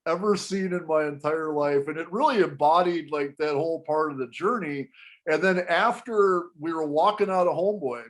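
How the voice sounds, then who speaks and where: A man telling a story to an interviewer in casual panel talk, animated and often restarting his sentences. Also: fairly high pitch, normal speed. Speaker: guest storyteller.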